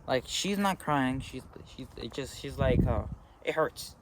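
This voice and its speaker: A teenage boy telling a story to a phone camera beside a road, halting and full of fillers. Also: medium pitch, lively intonation. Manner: rambling, halting, with frequent fillers. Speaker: vlogger. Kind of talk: casual storytelling. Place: outdoors by a road. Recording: faint traffic noise outdoors.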